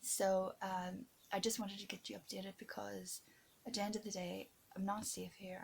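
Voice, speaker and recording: A woman recording an emotional video diary, earnest and stressed, close to tears, halting often with fillers and restarts and sometimes dropping to a whisper. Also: mid-range voice, level tone, creaky, a little hiss or hum. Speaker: vlogger keeping a video diary.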